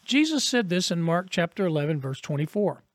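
A man's voice: high voice, very animated, fairly quick, no echo, studio quality. A man preaching a sermon as a pastor, earnest and conversational, posing rhetorical questions to his listeners.

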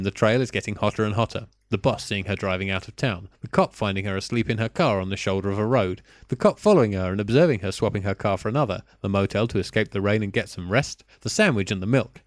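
A man's voice: on the low side, no room sound, studio quality, natural voice. A man doing a pompous French film critic. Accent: put-on French. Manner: grandiose, lofty phrasing.

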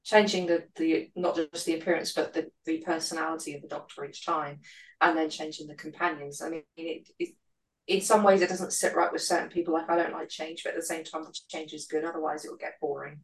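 A podcast host speaks in a level, unvaried tone with a gravelly edge. They muse through their points in casual conversation and hedge their ideas as theories. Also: mid-range voice, little pitch movement, fairly quick, low-quality recording. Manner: musing, offers tentative theories. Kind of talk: casual chat.

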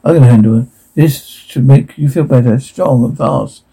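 A man's voice: medium pitch, normal speed, vocal fry, dark tone, breathy edge, poor audio. A man reading a drama script aloud, stage directions included, and speaking every part himself in a mostly plain voice.

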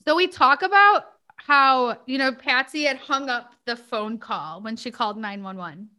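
A woman's voice: high-pitched, normal speed, sharp tone, smooth. A woman hosting a podcast, talking casually with many fillers and asides. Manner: chatty, many fillers like "like" and "you know". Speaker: podcast host. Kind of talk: casual chat.

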